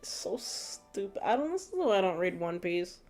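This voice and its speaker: A woman's voice: on the low side, sing-song, brisk, a little mellow. A woman streaming gameplay, chatting casually, laughing often and reading chat aloud. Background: faint background music.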